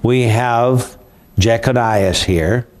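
A man's voice: medium pitch, extremely slow, a little mellow. An older man, hosting a conversational Bible study in a folksy, emphatic way. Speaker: Bible prophecy show host.

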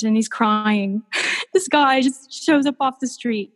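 A woman artist telling stories in a casual interview, gushing and animated. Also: fairly high pitch, slow pace, big-room sound. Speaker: artist guest.

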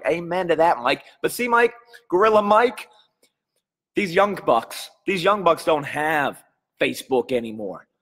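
A man's voice: fairly high pitch, fairly bright tone, in a large hall. A man hosting a live stream as a coach, chatting energetically and greeting viewers by name while a little under the weather.

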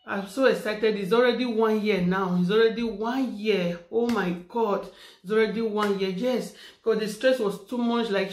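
A woman's voice: medium pitch, a little mellow. A woman, talking fervently in a birthday vlog, repeating her phrases and praying aloud. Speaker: vlogger. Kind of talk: heartfelt birthday vlog with prayers. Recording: echoey room.

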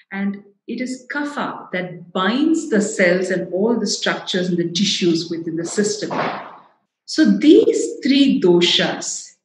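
A woman with a South Indian English accent, giving a public talk in an earnest, explanatory way. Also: mid-range voice. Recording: echoey hall.

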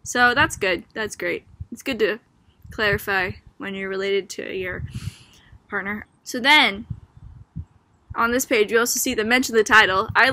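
Bright, chatty young woman from Boston. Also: a little high, dry recording. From Boston, Massachusetts. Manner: chatty, filler-heavy with frequent "like" and "um"; amused, laughing as she talks. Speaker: student. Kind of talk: casual book discussion.

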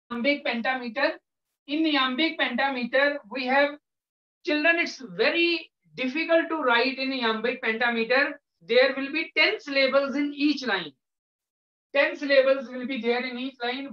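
A male English lecturer with an Indian English accent, patiently explaining to a class with frequent pauses. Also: very high-pitched, pushed and bright. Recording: echoey room, dull lo-fi sound.

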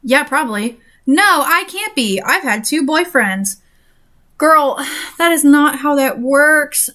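A woman's voice: fairly high pitch, fairly bright tone. A woman reading a fan story aloud and breaking off for frank, sarcastic commentary. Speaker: reader and commentator.

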